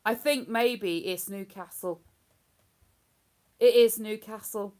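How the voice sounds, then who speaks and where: A woman's voice: medium pitch, slow pace, a little mellow. Chatty woman hosting a stream. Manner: rambling, chatty, breaks into hummed tunes. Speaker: livestream host. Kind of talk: casual chat.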